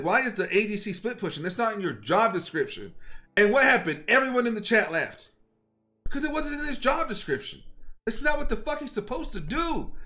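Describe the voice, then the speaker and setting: A man's voice: high-pitched, pushed and bright. A man streaming live and telling his chat a story in a heated rant, profane, confrontational and worked up. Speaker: game streamer.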